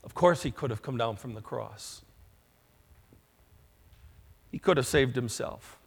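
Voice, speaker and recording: A male pastor preaching a sermon, slow and emphatic, with dramatic rises in loudness. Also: medium pitch, lively intonation, creaky, slightly rough. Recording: long hall reverb.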